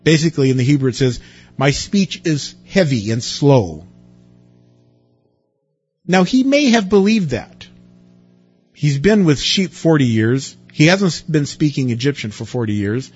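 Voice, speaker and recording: A man's voice: a little high, expressive, measured pace, pauses often, a little mellow, slightly rough, lo-fi sound, soft background music. A man preaching a sermon in a conversational way, asking his listeners rhetorical questions and stressing words. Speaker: pastor.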